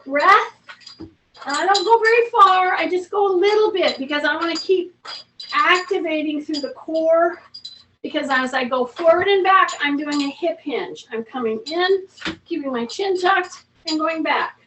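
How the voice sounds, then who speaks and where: A woman fitness instructor with a high voice coaches a seated workout, slow and chatty, counting reps and cueing each breath. She is recorded from some distance in an echoey home room, with a faint noise underneath. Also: lively intonation, a bit bright. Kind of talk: seated strength workout class. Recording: roomy, from off-mic, faint noise.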